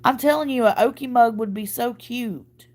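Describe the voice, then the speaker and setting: A woman's voice: on the high side, moderate pace, darkish tone. A woman hosting a casual livestream chat, tired from crying and little sleep, laughing and stumbling over words. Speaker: livestream host.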